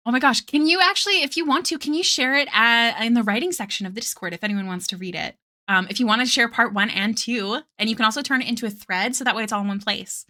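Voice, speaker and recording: A woman's voice: fairly high pitch, quick pace, pushed and bright. A woman art streamer chatting casually with her viewers, rambling with lots of fillers and little giggles. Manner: chats with live viewers between tangents. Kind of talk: casual chat while drawing.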